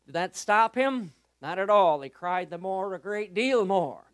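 Male pastor, sermon, impassioned, high-pitched, dramatic swings from soft to loud, drawn-out emphasis. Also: expressive, clear, resonant tone. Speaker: Baptist pastor.

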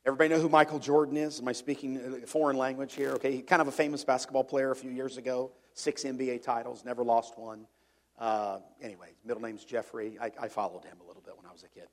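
A middle-aged man preaching a sermon to a congregation in a conversational way, asking them questions and often repeating words as he goes. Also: medium pitch. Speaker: pastor. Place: church before a congregation.

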